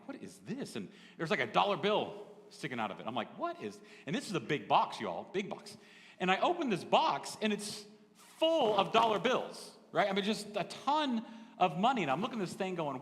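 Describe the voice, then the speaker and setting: Animated man preaching in an echoey hall. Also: fairly high pitch. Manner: conversational, storytelling with asides to the congregation. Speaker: pastor. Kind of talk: sermon. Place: church sanctuary.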